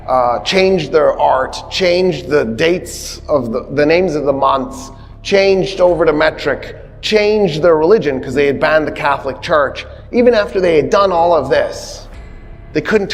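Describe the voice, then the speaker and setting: A man delivers a history lecture as a lively, comic story, acting out quotes with sudden shouts. His voice sits a little high and carries a long reverb from a large hall. Faint music can be heard behind him. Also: a little slow. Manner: humorous, conversational asides.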